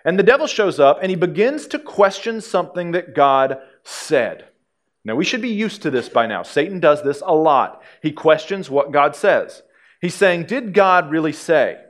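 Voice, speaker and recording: A man's voice: a little high, animated, normal speed. A male pastor preaching a sermon to a congregation in a conversational way, with dry humor.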